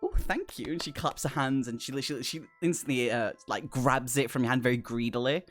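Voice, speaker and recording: A man narrating as game master of a tabletop game, relaxed and rambling with many fillers. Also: medium pitch, brisk, soft background music.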